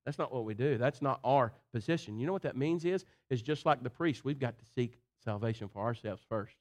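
Animated preacher telling a sermon story. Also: male voice, mid-range voice, a little fast. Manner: animated, addresses congregants by name.

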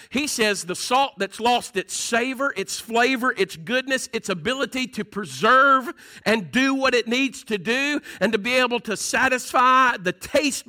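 A man's voice: very high-pitched, sharp tone. A man with a Southern accent preaching a sermon, folksy and conversational, asking the congregation "Amen?" between points. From Southern United States. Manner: folksy, call-and-response preaching with laughs and "Amen?". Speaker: pastor.

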